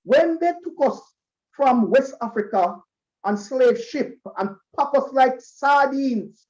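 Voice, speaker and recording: A Jamaican man addresses students at a school concert, telling his stories at an unhurried pace. He livens them by acting out the voices he quotes. The recording is dull and lo-fi. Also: extremely high pitch. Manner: lively storyteller who acts out quoted voices. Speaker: school event emcee.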